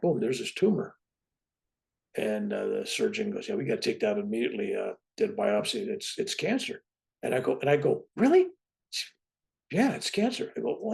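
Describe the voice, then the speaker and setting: A very gravelly older man in his seventies tells his story as a talk-show guest. His pitch swoops up and down as he goes. He sits a little high for his age and keeps checking in with "right?". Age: 70s. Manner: lively, keeps tagging "right?" onto his points. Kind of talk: animated personal storytelling.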